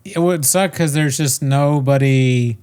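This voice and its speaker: A man in a mid-range voice hosts a podcast, chatting loosely and laughing often. His talk rambles with restarts, relaxed and friendly. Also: medium pitch, a little slow, smooth. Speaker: podcast host. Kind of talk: casual chat.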